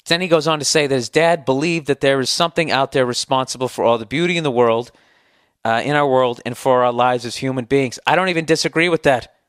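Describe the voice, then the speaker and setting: A man's voice: medium pitch, fast talker, a bit bright, smooth, no echo, clean studio sound. A middle-aged man with a Boston accent hosting a podcast, delivering a sarcastic, profane, heated rant. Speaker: podcast host. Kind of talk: ranting monologue.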